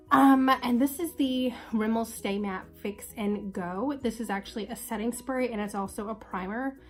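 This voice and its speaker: A young woman with a congested, sick voice chatting casually and upbeat through a makeup tutorial. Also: fairly high pitch. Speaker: beauty vlogger.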